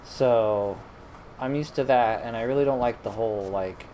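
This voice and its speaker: A man's voice: medium pitch, moderate pace, mellow, slight background noise, rough recording. A man streaming a video game, rambling in casual commentary with frequent self-corrections and mild exasperation. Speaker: gaming streamer.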